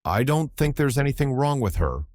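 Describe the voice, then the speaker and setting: A man voicing a brisk, shrewd middle-aged police inspector in a matter-of-fact manner. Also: mid-range voice, sing-song, a little mellow, no echo, clean studio sound, voice pushed up. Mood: businesslike.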